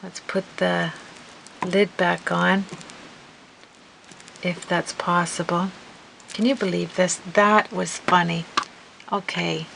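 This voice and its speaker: A middle-aged woman chatting casually as she works on a crafting video, murmuring softly and then breaking into giggles and apologies. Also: on the low side, little pitch movement, takes it slowly, gravelly, pauses often, slight background noise, low-quality recording. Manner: soft murmuring while working, bursting into laughter and giggly apologies. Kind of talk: casual crafting tutorial chat. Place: home craft room. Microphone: camera mic.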